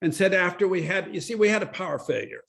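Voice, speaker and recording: A man leading a Bible study, telling his testimony in an animated way and acting out the quotes in his story. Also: sits high, fast, vocal fry.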